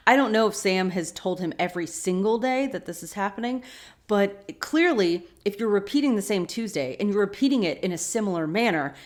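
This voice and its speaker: Chatty female podcast host, mid-pitched, casual and opinionated while recapping an episode. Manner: chatty and opinionated, retelling scenes.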